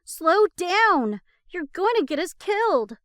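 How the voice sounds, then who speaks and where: A woman's voice: sits high, big pitch swings, unhurried, no room sound, studio quality, voice pushed up. A woman voicing a teasing young adult who has just transformed into a man, playful and then pleading. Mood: exasperated.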